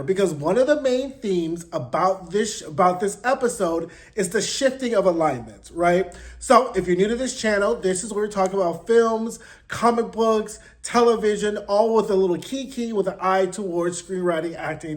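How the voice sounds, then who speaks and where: A high-voiced man talks straight into a close mic. He recaps TV in a casual, slangy way, with sassy, blunt asides. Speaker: host.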